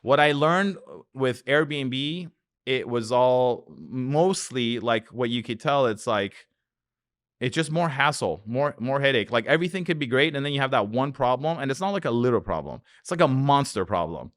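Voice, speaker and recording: At a normal speed and with animated energy, a medium-pitched man, an investor on a podcast, narrates wild anecdotes laced with swearing while imitating the people in them. The recording is dry and clean, studio-quality.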